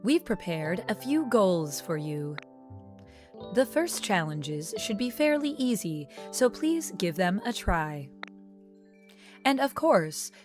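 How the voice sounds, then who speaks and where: Lady reading as a talking computer in a game, flat announcer voice, steady and official. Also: mid-range voice. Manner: flat, announcing, even delivery.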